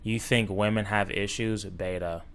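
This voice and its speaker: A man's voice: on the low side, steady tone, measured pace, fairly bright tone, a little hiss or hum. A man from Los Angeles reacting to videos on stream, blunt and mocking, swearing freely. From Los Angeles, USA. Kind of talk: casual reaction commentary.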